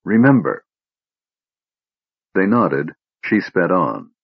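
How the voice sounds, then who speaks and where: Low husky male audiobook narrator. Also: lively intonation, normal speed, dry recording, dull audio. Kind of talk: scripted fantasy narration.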